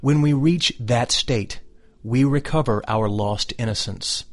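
A man giving a scripted spiritual reading in a slow, measured, solemn way. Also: medium pitch.

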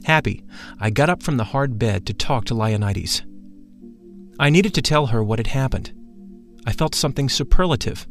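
A man reads a first-person account aloud in a measured, solemn manner, his voice sitting in an ordinary middle pitch. Faint music plays softly underneath the narration.

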